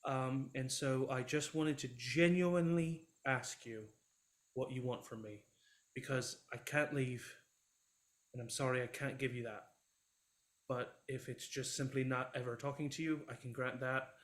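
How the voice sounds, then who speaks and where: A man voicing an awkward, remorseful man in a tabletop role-play, who talks haltingly and apologetically. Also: mid-range voice, fairly even intonation, close to an everyday voice. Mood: apologetic.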